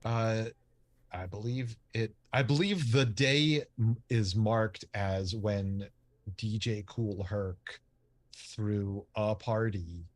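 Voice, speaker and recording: Deadpan man co-hosting a podcast. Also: fairly low pitch. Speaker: podcast co-host. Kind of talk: casual chat.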